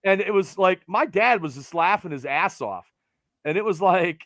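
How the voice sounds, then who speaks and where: A man's voice: sits high, moderate pace, no room sound. A middle-aged man from Pennsylvania hosting a podcast, chatting casually and rambling with lots of fillers. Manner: rambling, animated, trails off with fillers. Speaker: podcast host. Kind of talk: casual sports chat.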